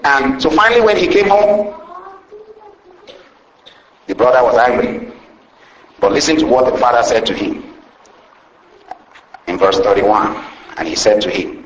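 Animated male preacher in a roomy echo. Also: medium pitch, unhurried, long pauses. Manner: animated storytelling, keeps asking "see?". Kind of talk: sermon.

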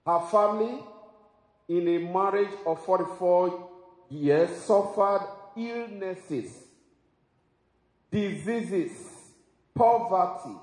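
Male preacher, somewhat high voice, emphatic sermon delivery, roomy hall reverb. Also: a little mellow. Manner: emphatic preaching with exclamations and laughs. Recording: echoey hall with long reverb.

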